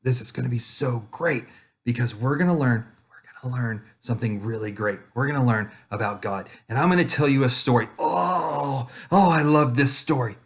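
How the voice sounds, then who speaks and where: Man doing Julius, a gentle kids' puppet. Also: mid-range voice, natural voice. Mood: eager. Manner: gentle, slow, focused, talks straight to kids. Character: calm, friendly male children's puppet.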